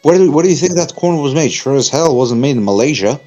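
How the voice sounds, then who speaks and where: A man co-hosting a podcast, telling stories in casual chat with halting restarts and chuckles. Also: medium pitch, lively intonation, dark tone, dull audio, faint music behind. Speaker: podcast co-host.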